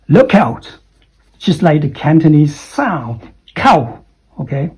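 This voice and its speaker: A man's voice: a little high, sing-song, slow pace, darkish tone, slightly rough, rough recording. A man teaching English pronunciation, explaining and repeating example phrases with many fillers. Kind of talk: online English pronunciation lesson.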